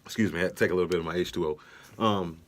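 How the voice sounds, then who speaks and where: A man's voice: low voice, steady tone, racing. A young man co-hosting a podcast in casual chat, laid-back with many fillers and restarts. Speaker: podcast co-host.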